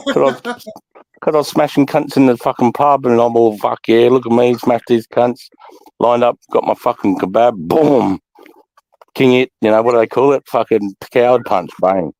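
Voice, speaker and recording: An Australian man in his thirties telling rough army stories in casual chat, swearing constantly and loudly mimicking people. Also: medium pitch, lively intonation, unhurried, pauses often, no echo. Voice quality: coarse, swears constantly, loud impersonations. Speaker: podcast co-host, ex-army instructor.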